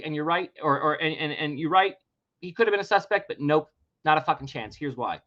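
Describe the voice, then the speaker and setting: A man's voice: a little high, big pitch swings, fairly quick, a bit bright, lo-fi sound. A man hosting a podcast, ranting emphatically and swearing freely. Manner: heated, emphatic, swears freely, laughs in disbelief. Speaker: podcast host. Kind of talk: opinionated podcast rant.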